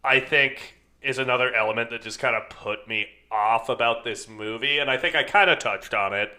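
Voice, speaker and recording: A man co-hosts a film podcast in casual conversation, speaking at a moderate pace in a medium-pitched voice with a bright, forceful tone. He comes across as thoughtful and hedging, using plenty of filler words.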